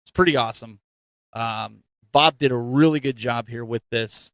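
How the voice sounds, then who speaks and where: A man hosting a casual chat show, upbeat and animated, with a close, dry microphone sound. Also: mid-range voice, moderate pace, no echo. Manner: upbeat, animated announcer-style delivery. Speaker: host.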